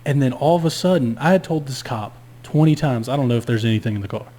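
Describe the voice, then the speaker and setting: A man's voice: medium pitch, fast. A man casually telling a long story on a podcast, swearing freely and acting out every line of dialogue himself. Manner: animated, profane, acts out both sides of dialogue. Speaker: podcast co-host.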